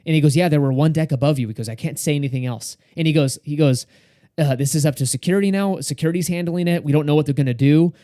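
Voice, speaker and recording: A man's voice: on the high side, fast, warm tone, dry recording, clean studio sound. A young man co-hosting a podcast, telling a story in casual chat and acting out the quoted dialogue. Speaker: podcast co-host.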